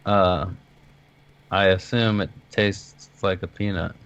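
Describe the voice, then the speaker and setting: A man's voice: deep voice, steady tone, slow pace, a bit bright, clear, resonant tone. A man at a tabletop game answering hesitantly, thinking aloud. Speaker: player.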